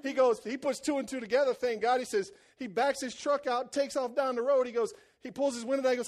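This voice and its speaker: A man preaching a sermon as a folksy personal story, loud and emphatic. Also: very high voice, fairly even intonation, quick pace, hardly any pauses. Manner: folksy storytelling, voices quoted people.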